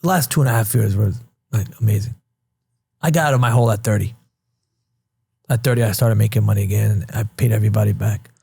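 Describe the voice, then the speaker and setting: A man's voice: on the low side, fast, gravelly, pauses often, a little mellow, breathy edge, no room sound. A man in his thirties from New York, a podcast guest talking earnestly and emotionally, repeating himself when moved. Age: 30s. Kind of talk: casual interview chat.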